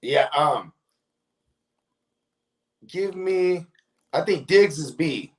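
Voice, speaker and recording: Man, fantasy football co-host, high voice, casual and profane, rambling. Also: lively intonation, drawn-out words, slightly rough. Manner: loose, profane, keeps asking "you know what I mean". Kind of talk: casual live-stream sports chat.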